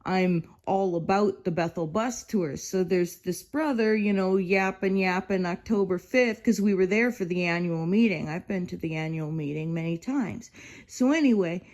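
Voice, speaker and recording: Mellow-voiced woman in her fifties, rambling. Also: lowish voice, normal speed. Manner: rambling, exasperated, peppered with "you know". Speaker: vlogger. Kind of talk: casual rambling monologue.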